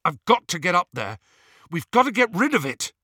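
A man's voice: sits high, big pitch swings, unhurried, sharp tone, no room sound, studio quality, voice pushed up, exaggerated voice. A man voicing a desperate teenage boy wizard, urgent and pleading.

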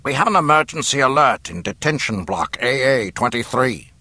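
A man's voice: mid-range voice, lively intonation, normal speed, pushed and bright, no room sound, pitched above the performer's own voice. A man reading aloud and voicing an imperious military commander, clipped and commanding.

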